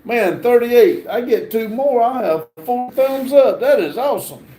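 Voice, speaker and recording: A man with a drawl hosts a casual livestream and reads viewer comments aloud, pausing on plenty of fillers. His voice sits fairly high, mellow and unhurried. The room around him is echoey. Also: animated. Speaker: livestream host reading chat. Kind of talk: casual live chat.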